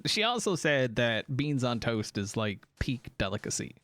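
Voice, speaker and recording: A man's voice: medium pitch, moderate pace, no echo. Guy streaming and joking with chat, voice bouncing up and down a lot, dry close mic. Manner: animated, joking, reacting to chat. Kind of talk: casual live-stream chat.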